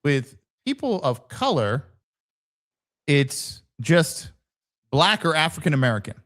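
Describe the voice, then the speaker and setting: A man's voice: on the high side, very animated, slow pace, fairly bright tone. A man hosting a podcast in casual conversation, telling stories with animation and acting out the voices of people he quotes. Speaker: podcast host, former police officer.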